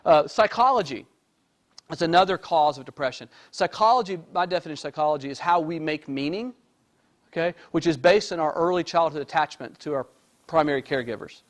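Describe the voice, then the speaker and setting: A high-voiced man gives an informal lecture to an audience. He speaks as a therapist, in a chatty, joking way, and keeps checking in with "right?" and "okay?". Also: a little fast. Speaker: therapist giving a talk.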